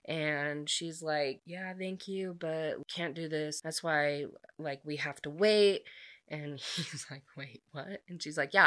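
A woman's voice: low-pitched, bright, forceful tone. A woman casually retelling a story's plot, chatty and full of fillers, briefly acting out the characters' lines. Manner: chatty, filler-heavy, acts out quoted dialogue.

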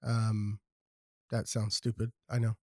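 A man's voice: fairly low pitch, monotone, takes it slowly, dark tone, no echo, clean studio sound. A man in his thirties co-hosting a podcast in casual, profane chat, rambling and chatty, with apologetic interjections. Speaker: podcast co-host.

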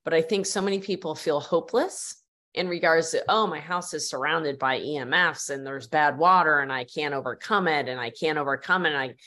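A woman with a low voice hosts a podcast conversation. She talks in long, flowing run-on thoughts with open enthusiasm. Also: fairly bright tone. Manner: enthusiastic, chatty, run-on sentences. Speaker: podcast host. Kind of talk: conversational interview.

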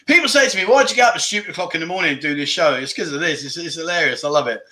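A man hosts a casual livestream from a room at home, reading viewer comments and laughing along. His voice is bright and forceful, sitting a little high for a man. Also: lively intonation, rapid-fire. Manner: laughs often, jokey banter with chat. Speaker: livestream host.

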